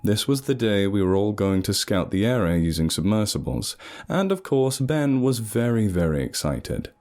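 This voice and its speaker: A man narrating a story in an animated, sardonic way. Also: lowish voice, moderate pace.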